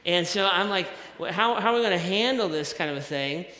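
Bright-voiced male pastor in echoey hall. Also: sits high, lively intonation, brisk. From American South. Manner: conversational, self-deprecating preaching with repetitions. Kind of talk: sermon. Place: church sanctuary. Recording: echoey hall with long reverb.

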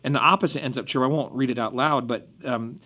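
A male pastor in a relaxed podcast chat, explaining scripture in plain, conversational terms. He talks it through loosely, with everyday examples and easy fillers. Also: mid-range voice, fast. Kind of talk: casual church podcast discussion.

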